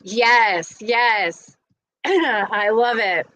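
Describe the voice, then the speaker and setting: A woman's voice: on the high side, extremely slow, a bit bright, highs cut off. A woman vlogger chatting to her viewers in a casual, gushing, rambling recap. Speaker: vlogger host.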